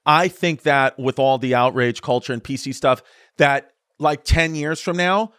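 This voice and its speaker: A man co-hosting a comedy podcast, jokey and animated, acting out other people's lines as he talks. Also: medium pitch, measured pace, smooth, no room sound, clean studio sound. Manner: animated, jokey, acts out quotes. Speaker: podcast co-host. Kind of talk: casual podcast chat.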